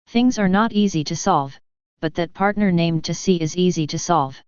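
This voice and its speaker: A woman voicing a soft coquettish succubus. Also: lowish voice, normal speed, clear, resonant tone, no echo, highs cut off, close to an everyday voice. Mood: teasing. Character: seductive cruel female succubus demon.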